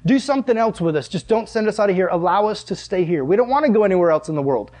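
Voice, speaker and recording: A man's voice: high-pitched, animated, quick pace, darkish tone. A man voicing a horde of destructive male demons, begging in a whiny, insistent way. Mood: pleading.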